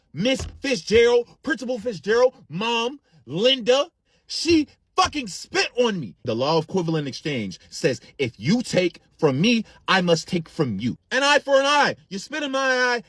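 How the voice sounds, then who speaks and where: A man's voice: sits high, a bit bright, no echo, full character voice. A man voicing a defiant, cocky teenage girl with a sassy, taunting delivery.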